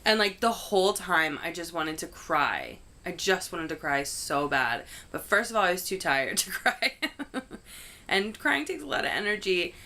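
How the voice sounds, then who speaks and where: A woman's voice: fairly low pitch, expressive, moderate pace, bright, forceful tone. A young woman vlogger telling a story casually, filling her talk with "like" and swearing freely. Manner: chatty, heavy use of "like", frank swearing.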